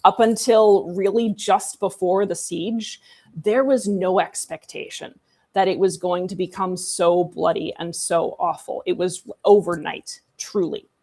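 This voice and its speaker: A woman's voice: fairly low pitch, fairly even intonation, unhurried, a little mellow. Chatty, irreverent woman host. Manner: chatty and irreverent, with sarcastic asides and laughs. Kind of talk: casual history discussion.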